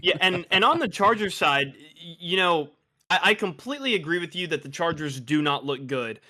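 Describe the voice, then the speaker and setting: A man's voice: fairly high pitch, animated, normal speed, sharp tone. A young man co-hosting a casual sports podcast, stammering and restarting his sentences, full of fillers. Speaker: podcast co-host.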